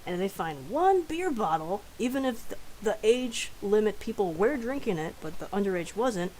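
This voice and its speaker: A woman's voice: medium pitch, big pitch swings, moderate pace, mellow, slight background noise, low-quality recording. A young woman telling stories casually on a live stream, chatty and profane, laughing often.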